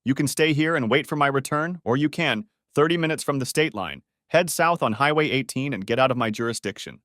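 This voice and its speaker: A man's voice: medium pitch, brisk, a bit bright, no room sound, studio quality, pitched above the performer's own voice, close to an everyday voice. A man voicing a male police officer in a story reading, matter-of-fact and raised. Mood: brisk. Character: male small-town police officer, brisk.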